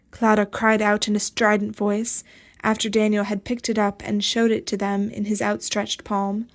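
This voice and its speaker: A woman with a mid-range voice reads a scripted audiobook narration. Her delivery is measured and even.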